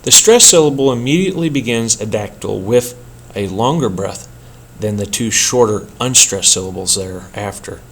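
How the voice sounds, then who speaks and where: Man, lowish voice, workshop instructor, measured lecture delivery. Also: lively intonation. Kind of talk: scripted lecture narration.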